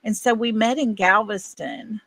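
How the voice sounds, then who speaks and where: A woman's voice: mid-range voice, unhurried, a bit bright, dry recording. A middle-aged woman with an East Texas accent, hosting a livestream and chatting casually with viewers in a folksy way while laughing often. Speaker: livestream host. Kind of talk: casual chat reading viewer comments.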